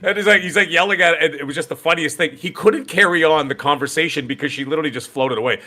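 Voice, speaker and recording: A man's voice: fairly high pitch, fast. A man co-hosting a gaming podcast, telling stories and acting out his own reactions. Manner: animated storyteller, acts out his own reactions. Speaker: podcast co-host. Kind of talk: casual gaming podcast chat.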